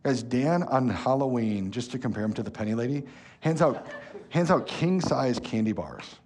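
A man, preaching a sermon as pastor, telling stories with lively energy and turning soft and slow when earnest. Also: mid-range voice, a little hiss or hum. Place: church hall.

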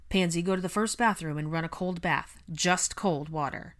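Woman reading a young male wizard, brusque, commanding, low-pitched. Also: normal speed, close to an everyday voice. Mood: firm. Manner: firm, clipped orders.

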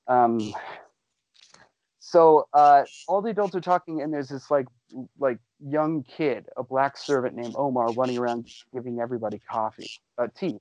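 A man hosting a casual podcast, excitedly recapping a show for friends and swearing freely. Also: mid-range voice, no room sound, dull audio.

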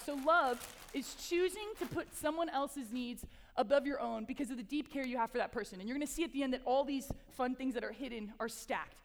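High-voiced young woman preaching in a hall. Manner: chatty, animated, frequent "like" and "right?". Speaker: speaker. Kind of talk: casual conversational sermon. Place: large hall before an audience. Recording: long hall reverb.

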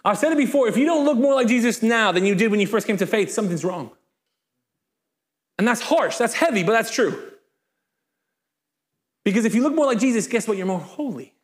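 A male pastor preaching a sermon to a congregation in church, lively and full of joking asides. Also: high voice, fairly quick, long pauses.

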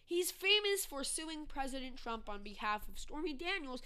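A woman's voice: sits high, very animated, normal speed, sharp tone. A woman hosting a casual political commentary podcast, ranting sarcastically. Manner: sarcastic, ranting, mocks with put-on voices. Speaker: podcast host.

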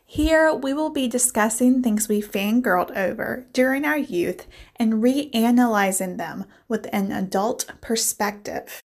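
A woman's voice: fairly high pitch, a little slow, darkish tone. A woman in her twenties reading a prepared podcast welcome as host. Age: 20s. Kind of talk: scripted intro.

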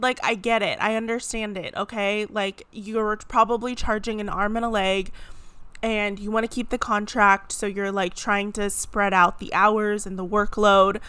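A woman's voice: mid-range voice, clear, resonant tone, no room sound. Chatty woman venting on her podcast. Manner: chatty, many fillers, animated venting. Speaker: podcast host. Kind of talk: casual solo podcast rant. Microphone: podcast microphone.

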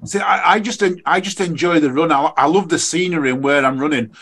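A man from the UK, a race director guest on a podcast, chatting casually and telling lively stories with plenty of ums. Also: fairly high pitch, a little fast. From United Kingdom. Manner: chatty storyteller, animated when excited, many fillers.

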